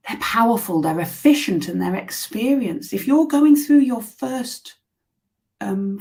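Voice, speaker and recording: A woman's voice: mid-range voice, vocal fry, a little mellow. A woman leading a live online workshop, chatty and encouraging, with frequent fillers and restarts.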